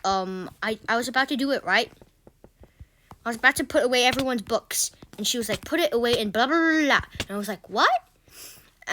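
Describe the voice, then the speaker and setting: A woman's voice: fairly high pitch, bright, forceful tone, slight background noise. A woman vlogger telling casual stories in a rambling way, with stammering restarts and exasperated asides. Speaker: gaming channel vlogger. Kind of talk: casual storytelling vlog.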